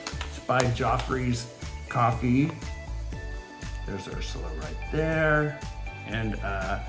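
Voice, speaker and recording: A man talks through a relaxed home vlog intro at an unhurried pace, with a quiver in his voice. He rambles, full of fillers and restarts, at a middling pitch. Soft music plays faintly behind him. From California. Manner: rambling, warm-hearted, many fillers. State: voice quivering with emotion. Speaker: beading channel host. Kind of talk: casual chatty vlog intro. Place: home, near a fountain and wind chimes.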